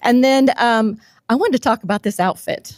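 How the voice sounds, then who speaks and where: A woman's voice: fairly high pitch, moderate pace, a little mellow, no echo. A woman co-hosting a live event in casual chat, laughing often and filling with ums. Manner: chatty, laughing, many ums. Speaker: livestream co-host.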